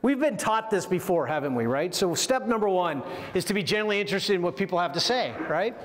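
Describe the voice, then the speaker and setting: A man teaching a leadership communication course to military officers, lively and full of rhetorical questions. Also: high voice, fast talker, slight background noise. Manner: lively, asks the audience frequent rhetorical questions. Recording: echoey hall with long reverb.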